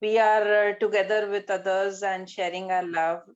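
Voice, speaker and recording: A woman's voice: medium pitch, flat delivery, normal speed, over a noisy crowd. A woman hosting a poetry reading on a video call, polite and hesitant, with many fillers. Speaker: host of the poetry session. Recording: dull lo-fi call audio.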